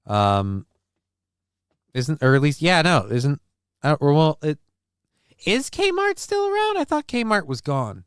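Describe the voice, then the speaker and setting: A man's voice: fairly high pitch, very animated, slow pace, pauses often, clear, resonant tone, dry recording, studio quality. A man from the American Midwest hosting a casual livestream, joking and rambling as he comments on the news. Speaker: host.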